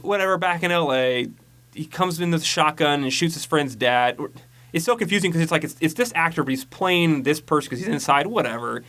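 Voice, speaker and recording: A man's voice: fairly high pitch, lively intonation, a little fast, fairly bright tone. Rambling, profane man recapping a movie. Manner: rambling, profane, mocking retelling with mimicked quotes. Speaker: podcast co-host. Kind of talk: casual movie recap chat.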